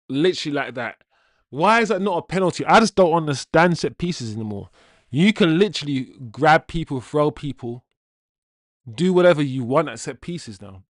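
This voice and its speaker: A man's voice: on the high side, a bit bright. A man hosting a football watchalong, reacting live with indignant, casual slang.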